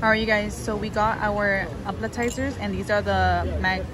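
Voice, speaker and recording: A woman in her late twenties talking casually to her viewers as a vlogger, chatty and excitable, swearing often. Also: medium pitch, moderate pace, crowd noise. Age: late 20s. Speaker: vlogger, boutique owner. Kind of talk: casual vlog chat.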